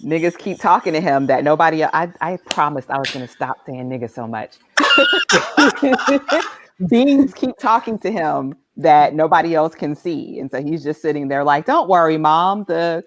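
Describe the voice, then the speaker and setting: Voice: medium pitch, wildly swooping pitch, measured pace, very noisy. A co-host in a casual review chat who talks in a laid-back, profane way and acts out quotes from the show. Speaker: podcast co-host.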